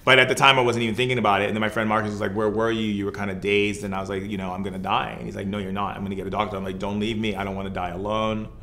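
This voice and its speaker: A man's voice: on the low side, level tone, rapid-fire, hardly any pauses, bright, forceful tone. A man, a podcast guest who works as a shaman, telling a personal story in casual conversation, loose and earnest, filled with "like" and "you know".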